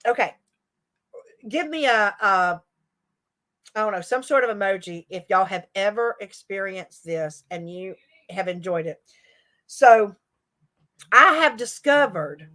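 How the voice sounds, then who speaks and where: A woman's voice: medium pitch, sharp tone. A middle-aged woman, a teacher and livestream host, chatting casually with her viewers and laughing often. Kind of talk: casual live chat with viewers.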